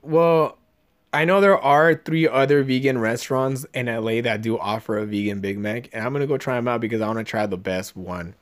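A man's voice: mid-range voice, fairly quick. A young man hosting a podcast, telling rambling stories full of swearing in casual chat. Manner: profane, rambling storyteller. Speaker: podcast host. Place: Los Angeles area podcast room.

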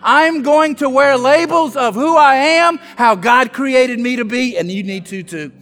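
A man from South Louisiana preaching a sermon, telling self-mocking stories with animated humor. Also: very high voice, a little slow, long reverb tail. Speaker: pastor.

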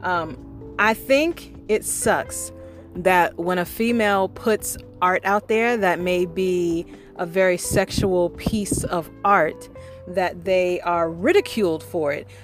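A woman's voice: fairly low pitch, slow, soft background music. A woman who writes songs, talking casually and emphatically with many fillers and repeated phrases. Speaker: songwriter and artist. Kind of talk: casual opinion monologue.

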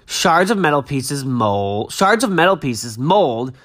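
A man's voice: mid-range voice, big pitch swings, slow pace, a bit bright. A young man hosting a podcast, chatting casually and reading news aloud in a gushing, dramatic way, a little stuffy-nosed. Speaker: podcast host.

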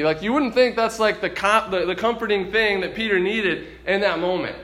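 A man's voice: high voice, moderate pace, hardly any pauses, sharp tone. A man teaching through a Bible passage in a conversational way, reading scripture aloud and voicing the disciples' thoughts. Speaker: preacher.

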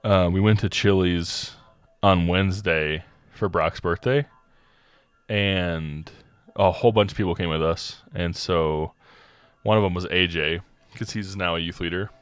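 Young male podcast co-host, lower voice, laughing storyteller with casual slang. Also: unhurried, smooth, no echo, faint music behind. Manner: animated, laughing retelling with slangy asides.

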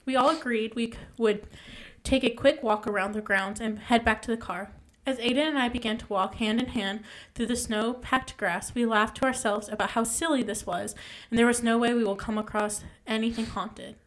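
A woman's voice: fairly high pitch, fairly even intonation, normal speed, few pauses, a bit bright. Casual young woman reading aloud. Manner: casual, stumbles and self-corrects while reading. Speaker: podcast host reading a ghost story. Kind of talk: reading a story aloud with asides.

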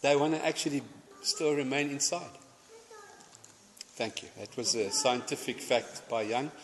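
A man preaches a sermon in a medium-pitched, unhurried voice, against a noisy background and long hall reverb. His delivery is chatty and anecdotal, with stumbling restarts and Afrikaans phrases mixed in.

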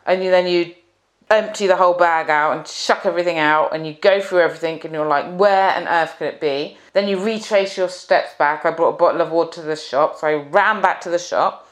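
A woman's voice: fairly low pitch, fairly quick. A woman coach telling a personal story in a confessional monologue, drawing out key words unhurriedly. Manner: confessional, recounting her own negative thoughts. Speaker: relationship coach.

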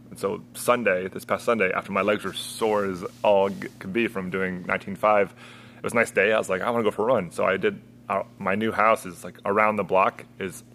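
A man's voice: deep voice, gravelly, a bit bright, slight background noise. A young adult man, a guest coach, telling stories in a rambling casual way and laughing often. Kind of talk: casual chat.

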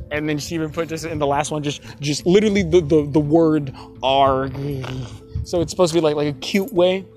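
A man's voice: on the high side, moderate pace, darkish tone, faint music behind. A young man casually telling a story about texting a classmate, rambling with lots of fillers, self-corrections and laughs. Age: young adult. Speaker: college student telling a story.

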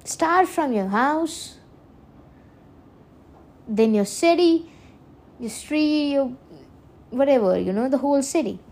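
A woman's voice: sits high, expressive, slow, long pauses, a little mellow. Chatty woman hosting a podcast. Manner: rambling and earnest, self-correcting, laughs often. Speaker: podcast host. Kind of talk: casual solo podcast monologue.

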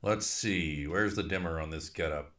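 A man voicing a folksy, wry male ghost who was once a dean, talking in a slow, dry drawl. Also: low voice, a bit bright.

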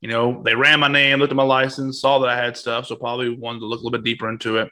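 Bright-voiced man telling profane stories. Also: medium pitch, racing. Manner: profane, animated, acting out quotes. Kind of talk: crude comedic storytelling.

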